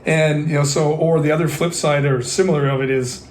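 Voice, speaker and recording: Relaxed man musing aloud in an echoey room. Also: fairly high pitch, a little fast, slight background noise. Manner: relaxed, thinking aloud with frequent fillers and restarts. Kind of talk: casual conversational discussion.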